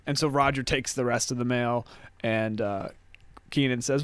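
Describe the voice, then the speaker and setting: Recapping a sitcom episode on his podcast, this male co-host jokes around, laughs frequently and does quick character impressions. His medium-pitched voice is smooth and steady, with no room sound.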